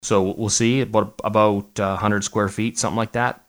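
Podcast co-host, man, middle-aged, low voice, rambling and joking. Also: flat delivery, moderate pace. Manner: rambling, joking, many restarts. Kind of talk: casual chat.

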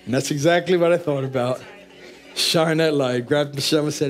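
A man's voice: fairly high pitch, normal speed, soft background music. A middle-aged man preaching a sermon as pastor, repeating key phrases for emphasis and calling out to the congregation. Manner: call-and-response preaching, repetitive emphatic phrasing.

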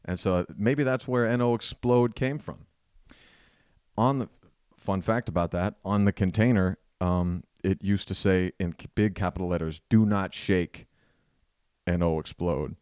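Deep-voiced man telling a rambling funny story. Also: normal speed, smooth, no echo, studio quality. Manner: self-deprecating, rambling, animated. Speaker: podcast host. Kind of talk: casual comedic storytelling monologue.

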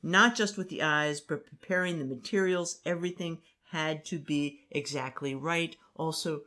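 A co-host in a casual talk show, speaking hesitantly, with many pauses and fillers. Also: medium pitch, sharp tone. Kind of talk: casual conversational chat.

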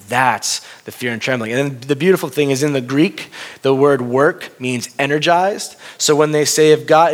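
A man preaching a sermon in a conversational, animated way, asking the congregation questions. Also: medium pitch. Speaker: pastor. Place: room with a congregation.

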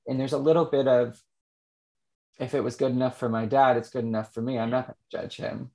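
A man, an author and interview guest, speaking candidly and reflectively, often pausing and restarting his sentences. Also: mid-range voice, flat delivery, a little mellow. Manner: reflective and halting, with frequent restarts.

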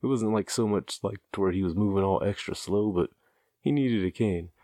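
A man's voice: lowish voice, brisk, warm tone, dry recording, studio quality. A man casually telling a rambling, amused anecdote, loose and profane, often chuckling at his own tale. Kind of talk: casual storytelling.

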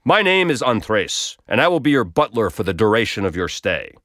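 A man's voice: fairly low pitch, big pitch swings, moderate pace, fairly bright tone, no echo. A distinguished male hotel butler intones every offer with formal, deferential politeness, as a male narrator acts him out. The voice is close and dry, with little room sound around it.

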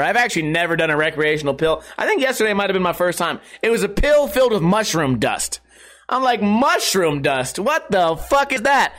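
A man's voice: high-pitched, fairly bright tone. A man streaming live, telling a rambling story to his chat with frequent swearing and bursts of laughter.

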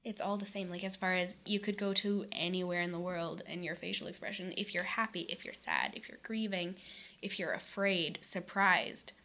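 Woman in relaxed podcast chat. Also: lowish voice, moderate pace. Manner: supportive, agreeable, laughs easily. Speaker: podcast co-host. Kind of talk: casual chat.

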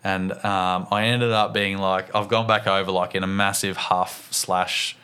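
Lively Australian man telling a story. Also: low-pitched, unhurried, clear, resonant tone. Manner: animated, tumbling storyteller. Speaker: podcast co-host. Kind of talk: casual chat, storytelling.

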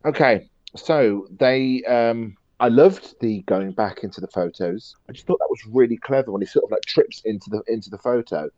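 A man co-hosting a podcast in casual chat, animated and acting out his own reactions. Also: medium pitch, moderate pace, dry recording, lo-fi sound. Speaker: podcast co-host.

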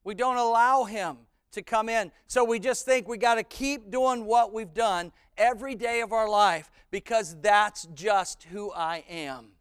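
A man preaching as senior pastor, earnest, dropping to a hush for scripture and climbing loud when stirred. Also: sits high, measured pace, few pauses, smooth, no room sound, clean studio sound. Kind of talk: sermon.

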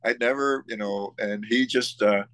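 A Buffalo-area musician, chatting as a guest in a casual interview, tells stories with enthusiasm but halts often with fillers and restarts. His voice is low and bright, with fairly even intonation.

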